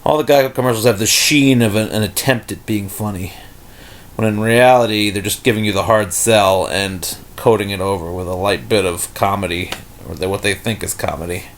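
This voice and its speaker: Man, low gravelly voice, rambling scornful rant, faint background noise. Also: fairly quick. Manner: rambling, many fillers and restarts; irritated, scornful. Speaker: video commentator. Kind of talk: unscripted rant.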